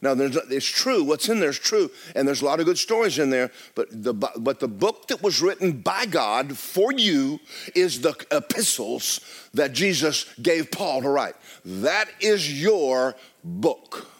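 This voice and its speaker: A middle-aged male pastor, preaching loudly and with life, often dropping to a hush. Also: fairly high pitch, unhurried, slightly rough. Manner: loud, lively preaching with sudden drops to a hush. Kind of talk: sermon. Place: church.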